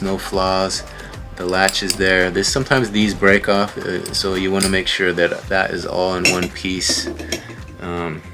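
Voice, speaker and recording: Deep-voiced man casually showing off finds. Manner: relaxed, rambling, frequent "uh" fillers. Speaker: online reseller. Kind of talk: casual show-and-tell vlog.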